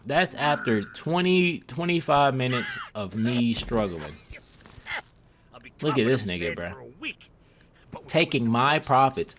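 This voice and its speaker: A young man giving casual, profane, self-mocking commentary over his gameplay. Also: on the low side.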